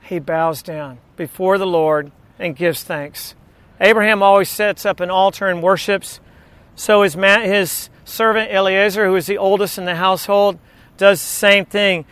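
A man's voice: high-pitched, fairly even intonation, moderate pace, a bit bright, no room sound. A man preaching a sermon, telling stories and asking the audience questions. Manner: storytelling, asks the audience questions.

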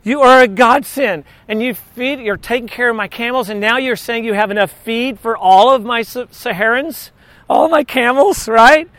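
A man voicing an overjoyed old male servant, gushing with excitement in a raised voice. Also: moderate pace, dry recording. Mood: thrilled. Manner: gushing, excited, high-pitched.

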